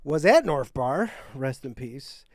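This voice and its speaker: A man's voice: medium pitch, very animated, slow pace. A man hosting a casual podcast, throwing in crude jokey asides and telling his own stand-up stories. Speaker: podcast host.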